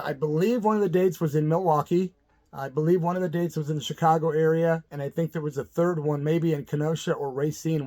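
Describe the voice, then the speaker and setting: Middle-aged Midwestern man, slightly high voice, chatty and rambling, casual channel host storytelling. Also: dark tone. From Midwestern United States. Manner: rambling, chatty, full of fillers and asides.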